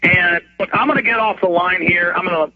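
A man hosting talk radio over a phone line, ranting in a fast, repetitive way with stammering restarts and bursts of outrage. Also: high voice, breathy edge, no room sound. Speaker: radio host. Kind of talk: heated talk radio rant.

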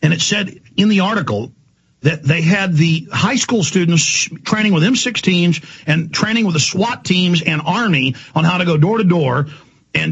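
A man hosting a talk radio show, ranting angrily in a heated monologue with a gravelly, husky voice. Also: high voice, a bit bright. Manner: ranting, angry, rapid-fire. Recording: dull lo-fi broadcast audio.

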